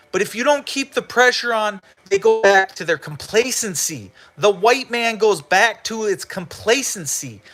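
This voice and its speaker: Guy ranting on his stream, swears a lot, repeats himself, high and bright. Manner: profane, ranting, repetitive. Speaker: livestream host. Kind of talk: heated livestream rant.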